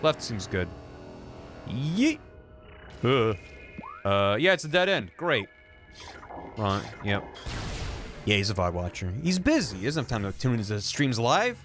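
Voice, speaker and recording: Very animated yet a little slow, a man with a mid-range voice pauses often as he streams a game. Video game music plays while he gives casual commentary, goofing around, cursing, and groaning to his audience.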